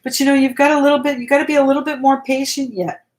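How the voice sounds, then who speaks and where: A woman's voice: sits high, steady tone, racing. A woman hosting a live tarot reading, chatting with viewers and reassuring them as she thinks aloud between cards. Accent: American. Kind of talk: live-stream card reading, answering viewers.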